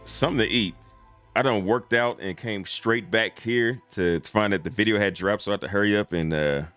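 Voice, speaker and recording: A man streaming live, reacting casually to game videos in a relaxed, slangy way and chuckling often. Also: deep voice.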